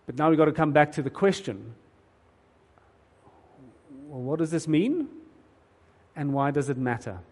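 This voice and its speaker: A man's voice: fairly high pitch, lively intonation, measured pace, pauses often, a little mellow. A man preaching a sermon in an earnest, emphatic way, often repeating words as he starts a thought. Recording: long hall reverb.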